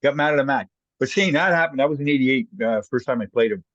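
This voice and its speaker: A man's voice: mid-range voice, fast, dry recording, highs cut off. A Canadian man, a former hockey player, telling stories casually as a guest and acting out the voices of people he quotes. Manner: animated anecdotes, acts out quoted voices. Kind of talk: casual storytelling.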